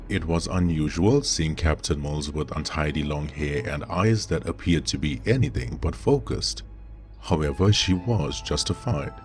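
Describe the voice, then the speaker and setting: A man reading a scripted horror story in a measured, dramatic way. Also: a bass voice, a little mellow.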